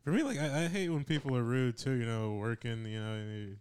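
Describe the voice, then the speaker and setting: A man with a smooth, clear voice speaks haltingly in a casual chat. He pauses often and scatters fillers through his sentences, at a middling pitch. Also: darkish tone.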